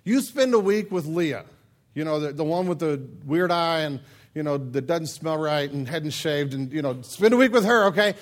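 A man's voice: a little high, lively intonation, normal speed, close to an everyday voice. A man voicing a scheming older uncle who brushes off complaints in an offhand, dismissive way. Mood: bargaining. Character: sly scheming older male uncle, shrugging.

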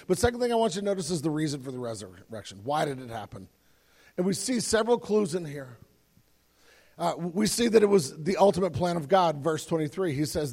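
Male pastor, earnest, emphatic sermon delivery, gravelly voice, reverberant hall sound. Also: fairly high pitch, animated, fairly quick, darkish tone. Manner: earnest, repeats words, builds to emphatic peaks. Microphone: handheld or stage microphone.

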